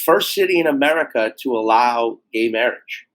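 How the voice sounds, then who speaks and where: A man in a casual podcast interview, an animated storyteller who swears freely and acts out quoted voices. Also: mid-range voice, normal speed, poor audio. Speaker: guest comedian.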